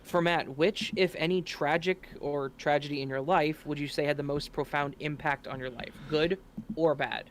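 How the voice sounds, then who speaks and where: A man interviewing a streamer, reading out viewer questions in a relaxed, reassuring, slangy way. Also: on the high side, normal speed, slight background noise. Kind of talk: casual livestream chat.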